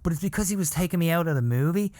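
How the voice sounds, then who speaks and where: A man's voice: on the high side, lively intonation, very fast, a little mellow, dry recording, studio quality. Middle-aged man telling a rambling story. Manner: profane, rambling, with lots of "you know". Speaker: podcast host. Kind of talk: casual storytelling.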